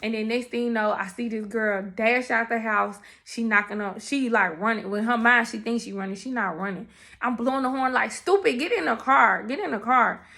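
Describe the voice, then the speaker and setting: A young woman telling her testimony in casual, animated storytelling, talking straight to her viewers. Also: a little high, fairly quick. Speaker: testimony speaker.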